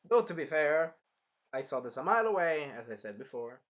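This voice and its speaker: Man, casual anime review, rambling, bright tense tone, slightly high voice. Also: big pitch swings, a little fast. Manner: rambling, loose recap with profanity.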